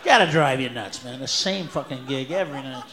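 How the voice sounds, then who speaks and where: A man performing a stand-up comedy set on a live stage, loud and profane, often breaking into shouts. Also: medium pitch, animated, fairly quick. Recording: echoey live venue with room noise.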